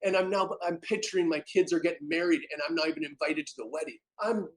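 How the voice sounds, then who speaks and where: Animated man telling a dramatic story. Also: on the high side, fast talker, low-quality recording. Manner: animated, dramatic, swings loud and soft. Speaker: podcast guest. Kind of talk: emotional personal storytelling.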